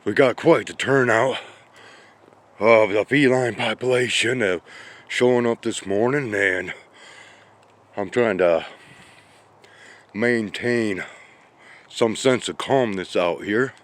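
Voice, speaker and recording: Slow-talking low-voiced man outdoors, out of breath. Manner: slow, rambling, talks to the cats. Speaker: vlogger feeding outdoor cats and birds. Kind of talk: casual outdoor vlog narration. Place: outdoors in snow, backyard. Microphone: handheld camera.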